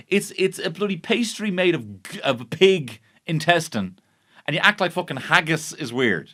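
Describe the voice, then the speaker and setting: Irish guy ranting about a baking show, lots of swearing, mock outrage, bouncy pitch. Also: sing-song, normal speed, sharp tone. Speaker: podcast host. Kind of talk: comic recap monologue. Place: podcast studio.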